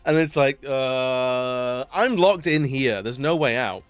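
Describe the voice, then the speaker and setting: A man's voice: medium pitch, slow pace, clean tone, no echo, soft background music. A man chatting casually during a live stream, rambling and laughing often between remarks. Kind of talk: casual live-stream chat while gaming.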